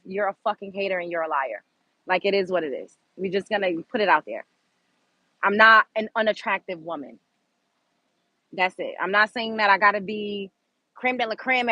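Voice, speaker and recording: Hosting her own show, a woman from Brooklyn, New York delivers blunt, profane, unscripted rants to her live chat. Her medium-pitched voice is bright and forceful, recorded with no room sound but in low quality.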